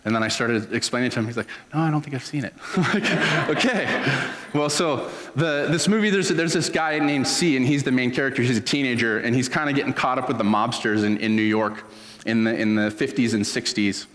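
A man's voice: medium pitch, a little fast, fairly bright tone, long reverb tail. A man preaching a sermon as a pastor, in an earnest, conversational storytelling manner.

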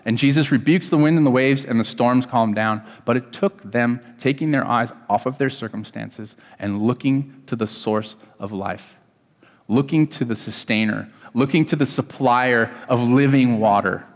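A man's voice: medium pitch, moderate pace. A man preaching a sermon as a pastor, in a conversational, earnest way with lots of repetition. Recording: long hall reverb.

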